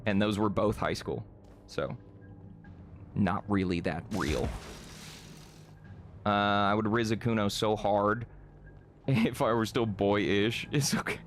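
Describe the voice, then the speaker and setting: A man's voice: on the low side, slow pace, long pauses, a little hiss or hum. A young man chatting casually on a live stream, reading chat, rambling, laughing often and swearing freely.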